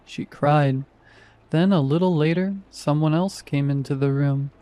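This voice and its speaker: A man narrating a first-person horror story in a calm, measured, scripted style. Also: fairly high pitch, clear, resonant tone.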